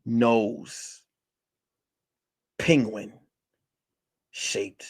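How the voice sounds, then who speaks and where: Man, comedian, husky voice, mock noir detective narration, dramatic pauses, crude humor. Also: medium pitch. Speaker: comedian and podcast host.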